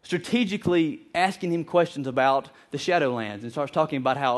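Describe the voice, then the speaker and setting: Earnest, slightly high-voiced pastor preaching. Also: male voice, a little fast. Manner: repeats words, animated asides, earnest. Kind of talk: sermon.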